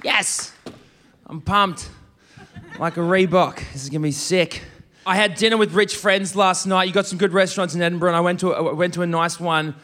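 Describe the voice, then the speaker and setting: A young man doing a stand-up comedy set, animated and swearing freely, with exaggerated impressions. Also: sits high, brisk. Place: live comedy venue.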